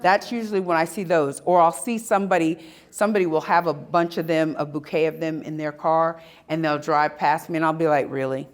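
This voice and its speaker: A woman giving a live talk at an expo, telling personal stories with emphatic, dramatic pauses. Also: sits low, fairly even intonation. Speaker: speaker at a spirituality expo. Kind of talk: live storytelling talk to an audience.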